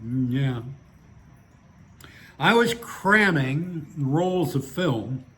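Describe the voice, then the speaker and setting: Between readings of stories he wrote himself, a man chats casually, grumbling opinions with dry, wry wit. His voice is on the high side and fairly bright in tone.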